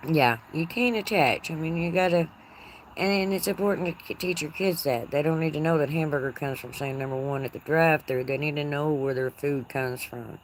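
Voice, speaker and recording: A woman with a Texas twang chats on a live stream from her front porch, her voice sitting low in its register. She talks in a folksy, teasing way and laughs easily, with crickets chirping faintly behind her. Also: a little fast, a little hiss or hum. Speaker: livestream host. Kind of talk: casual live chat reading comments. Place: outdoor porch.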